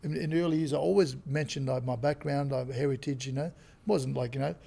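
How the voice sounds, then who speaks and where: Gravelly Australian man telling stories. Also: mid-range voice, quick pace. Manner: animated storyteller who acts out quotes. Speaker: guest comedian and actor. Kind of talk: casual interview chat.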